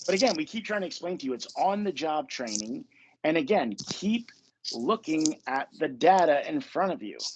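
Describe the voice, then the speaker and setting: A man who works as a manifestation coach hosts a podcast, talking casually in a blunt, emphatic way and swearing freely. His voice is on the high side and husky, and the recording is low quality.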